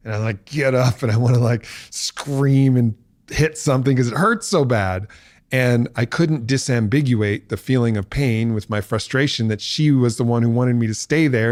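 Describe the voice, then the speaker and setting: A man being interviewed as a podcast guest, talking reflectively and growing animated and laughing as he tells a personal story. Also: mid-range voice, normal speed, dry recording, clean studio sound. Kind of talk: candid conversational storytelling.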